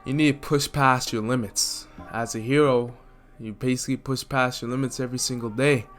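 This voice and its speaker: A larger-than-life superhero put on by a man in a fan-told story, proclaiming every line with bold, jovial confidence and a lifted pitch. Quiet lofi music plays underneath. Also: steady tone, a little fast, lightly acted. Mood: encouraging. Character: booming top male superhero, confident and upbeat.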